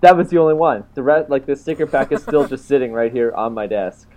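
A man's voice: mid-range voice, fairly quick, darkish tone. A man chatting casually in an offhand, laid-back way, with the odd swear. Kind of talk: casual chat. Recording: dull lo-fi sound.

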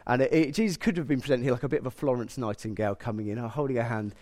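A man's voice: mid-range voice, lively intonation, racing, mellow. A man preaching a sermon, explaining a passage in a conversational way with frequent self-corrections.

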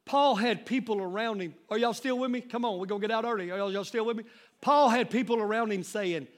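A man preaching a sermon as pastor, calling out to the congregation and building up to shouts. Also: sits high, fast talker.

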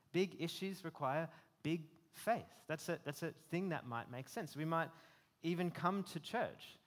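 Guy preaching a sermon, kinda high voice, earnest and chatty, restarts a lot.

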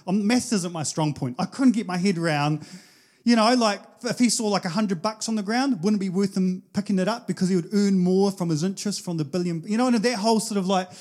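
New Zealand man, pastor, high voice, chatty anecdotal preaching. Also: a little mellow. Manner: casual anecdotal storytelling, chatty with many fillers. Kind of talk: sermon.

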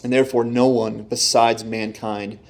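A man preaching a sermon in a lively, animated way, often acting out the voices in the story he tells. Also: medium pitch, moderate pace, gravelly. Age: young adult or middle-aged, father of children. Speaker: pastor.

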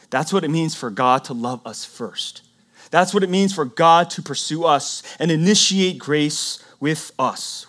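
Male pastor, voice a touch high; dynamic preaching style that drops to a hush for emphasis. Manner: dynamic preaching, swinging between loud emphasis and hushed near-whisper. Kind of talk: sermon.

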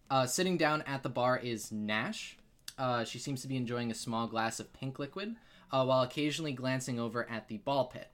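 Young guy game master, bright voice, loose casual narration. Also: medium pitch. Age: young adult. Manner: casual, many fillers and restarts, laughs often.

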